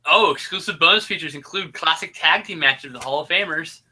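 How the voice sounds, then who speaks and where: A man with a bright, forceful, somewhat high voice chats casually about a bad movie. He talks in a loose, profane, animated way, joking with his co-host. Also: fairly quick, slightly rough. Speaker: podcast co-host. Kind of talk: casual movie review chat.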